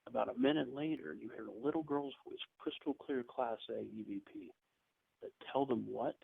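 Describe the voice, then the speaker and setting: A husky, gravelly man recounts stories in a loose, chatty way. His voice comes through thin and phone-like, with a dry, close sound. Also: medium pitch, no room sound. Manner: chatty, rambling anecdotes with quick asides. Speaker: podcast guest, paranormal investigator. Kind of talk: casual storytelling interview. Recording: tinny phone-like line.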